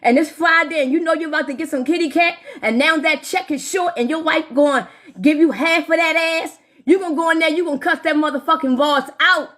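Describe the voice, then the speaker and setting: Woman, 40s, high voice; heated live-stream rant, cursing nonstop at her viewers. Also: brisk, a bit bright. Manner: heated, swears constantly, talks straight to viewers. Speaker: livestreamer.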